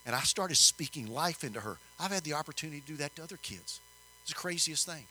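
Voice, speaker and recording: An older man telling a story in a sermon, folksy and animated, rising in emphasis. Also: on the high side, fast, a little hiss or hum, poor audio. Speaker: preacher.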